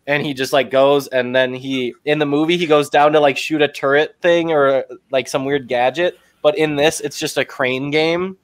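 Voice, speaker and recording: A young man co-hosting a casual podcast, chatting and retelling film scenes with quick impressions. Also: on the high side, fairly even intonation, no room sound. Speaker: podcast co-host. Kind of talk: casual chat.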